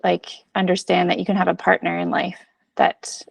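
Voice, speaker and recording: A woman's voice: lowish voice, monotone, normal speed, gravelly, slightly rough, dry recording. A woman guest in a casual conversation, speaking earnestly and rambling with frequent fillers.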